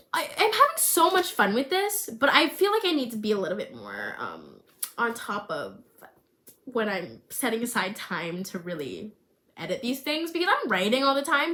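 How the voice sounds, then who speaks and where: A woman's voice: on the high side, normal speed. A young woman chatting casually about the story she is writing and reading from it with strong feeling. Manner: emotional, expressive, swings between hushed reading and excited chatter. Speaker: creator reading her screenplay draft. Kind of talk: casual chat and dramatic reading.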